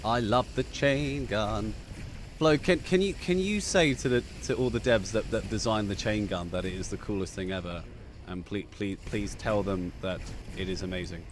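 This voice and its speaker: A man's voice: fairly low pitch, normal speed, a little hiss or hum. A man hosting a live gaming chat stream, chatty and effusive, often laughing.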